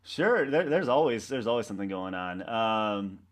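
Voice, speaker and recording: A man, a website co-founder, talking in a casual interview, rambling and halting with many restarts and fillers. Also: on the low side. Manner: animated storyteller acting out coworkers' lines.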